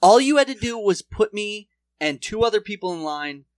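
A man's voice: sits high, animated, normal speed, dry recording, studio quality. A man in casual comedic chat, telling an airport story with profanity and mocking quotes. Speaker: podcast co-host.

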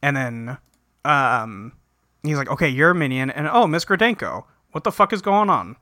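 Bright-voiced man recapping a movie, casual. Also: medium pitch, big pitch swings, moderate pace, no echo, studio quality. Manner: rambling, swears casually, laughs at jokes. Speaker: podcast co-host recapping a movie. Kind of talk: casual chat.

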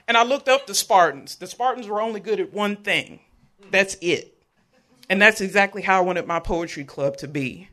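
A man tells a personal story live on stage. His voice sits high for a man and rings bright and forceful. He delivers it in an animated way and jokes with the crowd. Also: moderate pace, a little hiss or hum. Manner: animated, joking with the audience. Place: live event venue.

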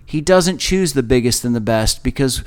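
A man leads a Bible study on a podcast, reflective and earnest. He talks conversationally, leaning on pauses to stress his points. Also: mid-range voice, lively intonation, clear, resonant tone.

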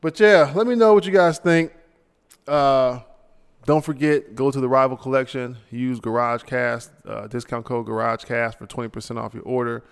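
A man's voice: mid-range voice, steady tone, moderate pace, creaky, clear, resonant tone, long reverb tail. A man hosting a solo podcast, ranting casually and sounding tired late at night. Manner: casual, ranting, tossing in mock voices. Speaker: podcast host.

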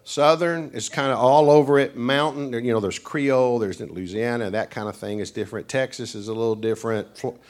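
A man's voice: medium pitch, fairly even intonation, fairly quick, few pauses. A male pastor with a thick East Tennessee mountain accent, joking folksily with a congregation as he preaches. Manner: folksy, joking, chuckling storyteller. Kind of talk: humorous sermon to a congregation.

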